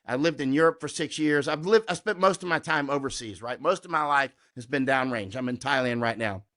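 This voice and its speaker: A man's voice: mid-range voice, fairly quick, a bit bright. A middle-aged American man, a war correspondent, talking combatively and emphatically in an interview and often tagging his points with "right?". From United States. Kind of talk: conversational interview.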